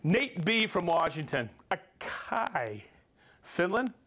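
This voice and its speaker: A middle-aged man with a fairly high voice runs a live stream. He reads viewers' names and hometowns in an upbeat way and trips over the tricky ones. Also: very animated, takes it slowly, sharp tone, breathy edge. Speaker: livestream host.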